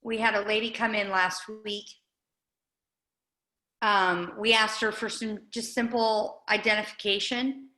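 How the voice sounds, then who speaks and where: Earnest woman speaker, bright voice. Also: mid-range voice, level tone, unhurried, roomy sound, poor audio. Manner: earnest, conversational, with fillers. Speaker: guest speaker, nonprofit director. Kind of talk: informal update talk at a meeting.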